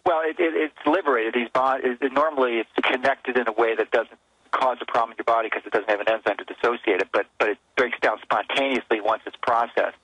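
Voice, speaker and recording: A man's voice: mid-range voice, fast talker, a bit bright, husky, dry recording, highs cut off. A man appearing as a physician guest on a radio show, earnestly explaining health advice with frequent restarts.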